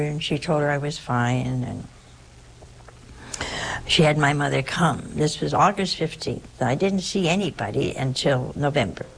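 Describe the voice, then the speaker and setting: An older woman with a low voice tells her memories slowly and haltingly. Her voice has a gravelly rasp, and she often restarts her sentences. A faint hiss sits under the recording. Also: rough recording. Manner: halting, repeats words, tag words like "see" and "you know". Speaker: nun recalling her life. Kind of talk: oral history storytelling.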